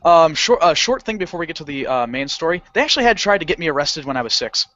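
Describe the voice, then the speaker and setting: This man's voice sits a little high and moves at a quick pace as he tells a story on a casual podcast. Animated and laughing often, he swears and does voices for the people in it, over dull lo-fi audio.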